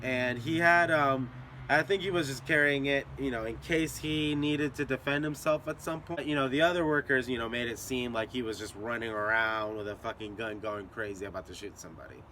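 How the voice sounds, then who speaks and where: Bright-voiced profane male storyteller. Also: mid-range voice, fairly quick, a little hiss or hum. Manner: profane, rambling, conversational. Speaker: storyteller and channel host. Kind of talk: casual storytelling vlog.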